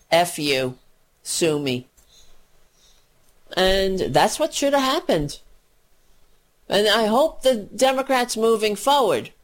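A woman filling in as a radio talk host, ranting about politics in a profane, indignant and sarcastic way. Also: mid-range voice.

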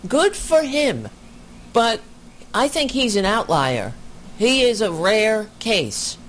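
Brief: slow-talking, indignant voice commenting over a clip, with faint room noise behind. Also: medium pitch, very animated. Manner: indignant, deliberate, swears. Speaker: commentator reacting to a video. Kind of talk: reaction commentary.

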